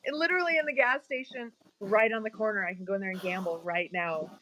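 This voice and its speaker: A woman's voice: medium pitch, fast, pushed and bright, poor audio. A woman co-hosting a casual live-stream chat, chiming in with short friendly remarks and curious questions.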